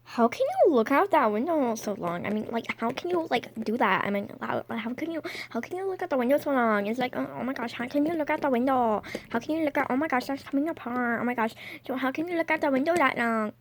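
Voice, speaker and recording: A woman's voice: high voice, lively intonation. A woman voicing a rambling, puzzled girl pet. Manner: rambling, repetitive, rushed. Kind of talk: toy skit voice acting.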